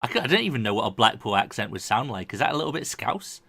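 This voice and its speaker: Rambling, lively-voiced man chatting. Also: medium pitch, fast, creaky, slightly rough. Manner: rambling, laughing, trailing off. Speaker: game master. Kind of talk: casual chat before a game stream.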